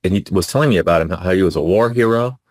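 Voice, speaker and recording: Low voiced guy guesting on a chat, thinks out loud, lots of restarts, dry sound. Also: rapid-fire, no room sound. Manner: thoughtful, rambling with restarts. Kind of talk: casual conversation.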